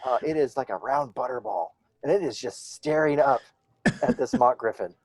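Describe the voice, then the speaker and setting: A man running a tabletop game as game master, narrating in a relaxed, halting way with lots of fillers. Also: fairly high pitch, vocal fry, breathy edge, no echo.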